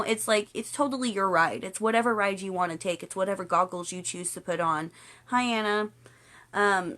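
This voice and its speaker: A woman's voice: medium pitch, a bit bright. A woman hosting a casual spiritual livestream, chatty and playful, greeting viewers and slipping into silly voices when she quotes people.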